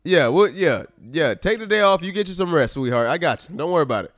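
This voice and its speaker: Quick-paced and on the high side, this gaming YouTuber's voice comes through with no room sound. He gives animated, exasperated let's-play commentary on a life-simulation game, speaking casually and straight to viewers he calls "y'all."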